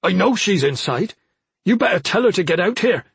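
A man's voice: mid-range voice, fast talker, creaky, a bit bright, husky, dry recording, full character voice. A man voicing an angry, threatening young man with a hostile, pushy way of talking. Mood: aggressive.

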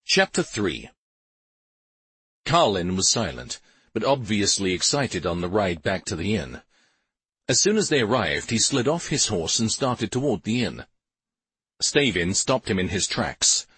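A man reading a story aloud as narrator, in an unhurried, expressive way. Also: on the low side, breathy edge, no echo. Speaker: audiobook narrator. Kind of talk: scripted narration.

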